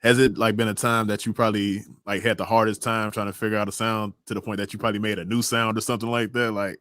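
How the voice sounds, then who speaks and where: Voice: medium pitch, level tone, quick pace, few pauses, a bit bright, dry recording, clean studio sound. A podcast host asking long, rambling questions full of fillers in a casual interview.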